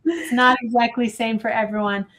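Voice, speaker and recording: Earnest woman reading aloud softly. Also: fairly high pitch, moderate pace. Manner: earnest, gets emotional while reading. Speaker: show host. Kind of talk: reading aloud and casual chat. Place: studio.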